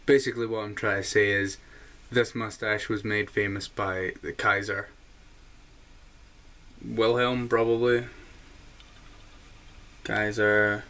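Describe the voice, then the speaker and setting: A stern, rigid man with a put-on German accent, as a vlogger puts him on. He talks slowly in clipped phrases, in a low voice with a bright edge. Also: flat delivery, exaggerated voice.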